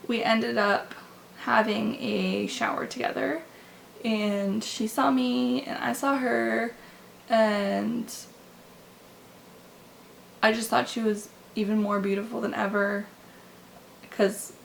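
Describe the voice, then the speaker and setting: A young woman vlogger telling a personal story in a candid, halting way, full of likes and restarts, recorded on a camera mic in her room. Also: fairly high pitch, vocal fry, a little hiss or hum, poor audio. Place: bedroom with window open.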